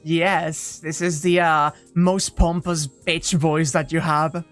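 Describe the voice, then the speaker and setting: Wry woman reading a visual novel, low voice. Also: level tone, slow, soft background music. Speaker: let's play host.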